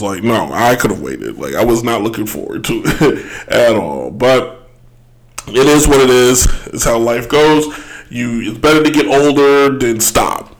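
A man giving casual solo commentary as a podcast host, rambling and correcting himself, with a throaty voice and frequent throat clearing. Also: medium pitch, expressive, moderate pace, fairly bright tone, a little hiss or hum, rough recording. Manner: rambling, self-correcting, laughs often.

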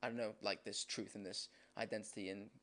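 A man with a British accent co-hosting a relaxed faith-based podcast. He rambles through his thoughts and leans on plenty of "like" fillers. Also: lowish voice, brisk. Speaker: podcast co-host. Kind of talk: casual faith-based chat.

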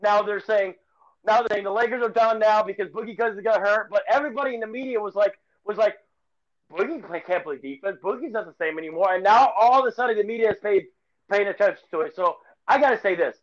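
High-pitched male sports podcast co-host, excitable rambler, dull lo-fi recording. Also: fast talker. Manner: excitable rambling rant with repeated phrases. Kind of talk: casual sports chat.

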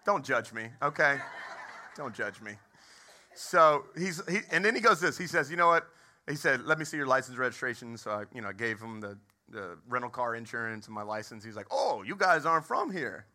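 A man's voice: medium pitch, sing-song, brisk, sharp tone. A man in his thirties, a pastor, preaching and telling a funny story, asking the crowd questions. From Texas. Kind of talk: sermon with humorous story. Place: movie theater used as a church.

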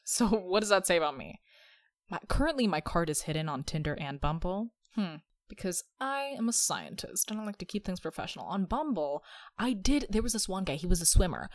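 A woman's voice: on the low side, no room sound. A young woman hosting a podcast, telling stories in a chatty, sarcastic way. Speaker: podcast host. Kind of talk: casual chat.

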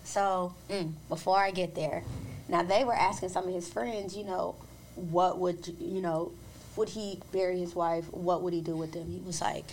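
A woman with a slightly low voice narrates a true-crime case for a podcast, casual and lively. She keeps the story moving and drops into quick voices for the people involved. A faint hiss of noise sits under her voice. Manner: animated retelling with voiced quotes, brisk. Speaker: podcast co-host.

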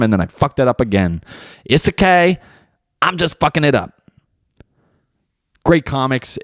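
In a dry, studio-quality recording, a young American man with a mid-range voice hosts his own podcast solo. He's a beginner stand-up comedian, and his talk is casual, rambling, and heavy with slang and swearing.

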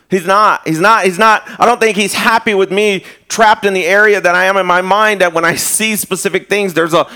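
A man with a somewhat high voice preaches a live sermon, talking to the congregation like a friend. He trips over restarts and jokes along the way, then slows way down and drops his voice to drive a point home before climbing back up to exhort. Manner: conversational preaching with humor and repeated restarts; drops low and slow for emphasis, rises loud when exhorting. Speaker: pastor.

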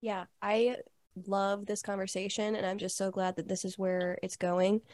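Chatty woman cohost, says like a lot, mid pitch, dry sound. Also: level tone, moderate pace, a little mellow, dry recording. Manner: eager, chatty, uses filler "like". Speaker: podcast co-host. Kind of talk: casual interview chat.

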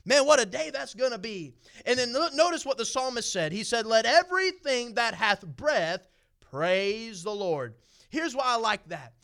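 A man's voice: extremely high pitch, very animated, normal speed, fairly bright tone. A middle-aged man with a Southern US accent preaching a sermon in a folksy way, repeating phrases and building to emphatic points.

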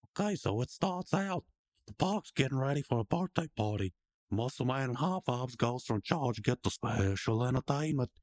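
Animated man recapping a cartoon. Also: mid-range voice, dry recording, clean studio sound. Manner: rambling, joking, acts out character lines. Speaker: podcast co-host. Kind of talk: casual episode recap.

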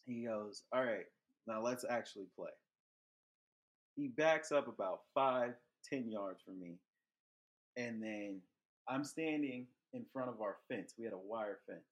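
A young man hosting a podcast, telling a childhood story in loose, profane casual chat that gets animated. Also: mid-range voice, unhurried. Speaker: podcast host.

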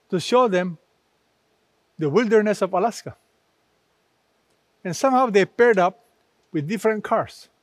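A man preaching a sermon, slow and emphatic, repeating key phrases and quoting scripture. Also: sits high, no room sound.

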